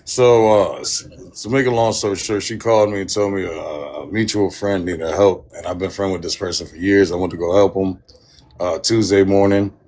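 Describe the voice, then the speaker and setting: A man's voice: deep voice, fairly even intonation, moderate pace, darkish tone. A man hosting a livestream, ranting angrily and swearing heavily, repeating himself as he tells his side of an online feud. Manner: heated, profane, repetitive. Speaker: livestream host. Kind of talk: angry livestream rant.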